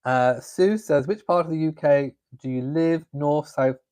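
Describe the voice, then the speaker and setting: Unhurried, slightly high and dark in tone, this English man hosts a laid-back live stream at home while drinking coffee. He reads the viewer chat aloud and keeps up camp, playful banter.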